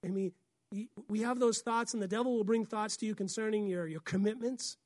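A woman pastor, preaching a sermon in an animated way, often acting out voices and laughing. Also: mid-range voice, fairly quick, no echo, studio quality.

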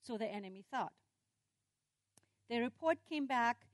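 Lady preacher telling a bible story all animated, kinda high voice, dry mic. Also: measured pace, dry recording. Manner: lively storytelling with dramatic voice swings. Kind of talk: sermon.

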